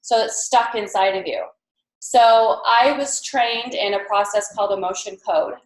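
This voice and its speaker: A mother presenting at a team training to a live group, telling animated stories and acting out quoted voices. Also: medium pitch, unhurried. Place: meeting room with a live audience. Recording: echoey room.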